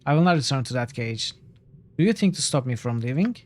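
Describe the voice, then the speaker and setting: A man voicing a determined male adventurer hero, reading game dialogue aloud in an earnest, steady way. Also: medium pitch, a little fast, close to an everyday voice. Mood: defiant.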